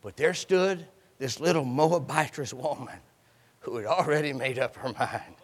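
High, animated preacher in a reverberant church. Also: male voice, a little slow. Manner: dramatic storytelling, acting out voices, call and response. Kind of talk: sermon.

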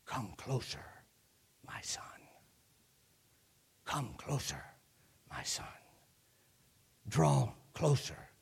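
A feeble old father on his deathbed, acted out by a man in a sermon, beckoning his son in a faint, breathy whisper. The voice drops well below the preacher's own, hushed and drawn out. Each word comes slowly, as if it costs him strength. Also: mid-range voice, big pitch swings, voice pushed down, full character voice. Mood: weak, beckoning. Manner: slow, drawn-out pleading. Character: dying old father, weak and dim-eyed, calling his son close.

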